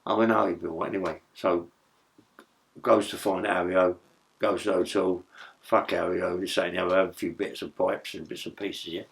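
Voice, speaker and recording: A man's voice: low voice, flat delivery, a little fast, vocal fry. Middle-aged man, rambling swearing storyteller, stammering restarts. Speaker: interview guest, former prisoner. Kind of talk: casual storytelling.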